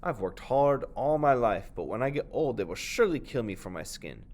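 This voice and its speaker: A man voicing an old, hardworking donkey in a play read aloud, slow and weary. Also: medium pitch, big pitch swings, darkish tone.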